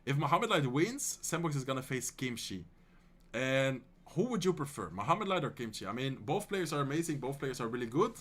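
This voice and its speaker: Dutch man calling a game match live. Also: mid-range voice. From Netherlands. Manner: excited fast play-by-play calls that give way to relaxed, soft chat replies. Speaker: streamer and tournament caster. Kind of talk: live-stream esports commentary and chat reading.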